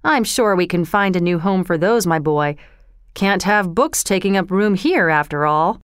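A woman's voice: lowish voice, animated, moderate pace, clean tone, dry recording, studio quality, lightly acted. A woman reading a storybook aloud, voicing a scheming old male thief leader who talks in an oily, falsely tender way. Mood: wheedling.

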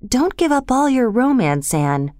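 A woman voicing a shy, gentle older man who speaks softly. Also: fairly high pitch, big pitch swings, unhurried, no echo, studio quality, pitched above the performer's own voice. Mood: tender. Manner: shy, soft-spoken.

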